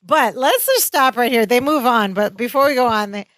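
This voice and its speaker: A woman with a fairly high voice chats about a sitcom episode, laughing often and playing out the characters' exchanges. Her voice sounds close and dry. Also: normal speed, fairly bright tone, no echo. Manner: chatty, laughs often, acts out characters' lines. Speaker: podcast co-host. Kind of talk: casual sitcom recap chat.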